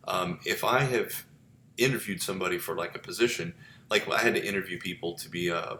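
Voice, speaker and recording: Low-voiced man lecturing in an echoey room. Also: sharp tone. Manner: conversational, rambling with many fillers and restarts. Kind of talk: casual recorded lecture. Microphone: webcam with filter.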